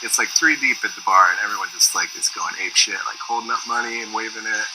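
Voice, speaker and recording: A man telling a casual anecdote, animated and acting out the voices of the people in it. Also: fairly low pitch, quick pace, over music, low-quality recording. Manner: animated, acts out quoted voices. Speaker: storyteller in a documentary.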